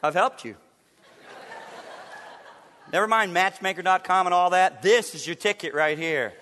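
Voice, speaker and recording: A man preaching a sermon as pastor, emphatic and playful, swinging from loud declarations to hushed, drawn-out phrases. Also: high-pitched. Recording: long church reverb.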